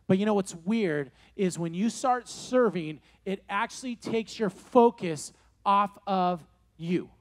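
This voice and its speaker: High-voiced man in his forties preaching. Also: takes it slowly. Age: 40s. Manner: animated storytelling, repeats key phrases. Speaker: youth pastor. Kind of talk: sermon to young people. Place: room with a live audience.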